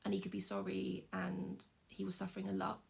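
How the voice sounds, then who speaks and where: Emotional woman with a gravelly voice. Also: mid-range voice, monotone, a little mellow. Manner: emotional, halting, confessional. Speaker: vlogger. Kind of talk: personal storytelling vlog.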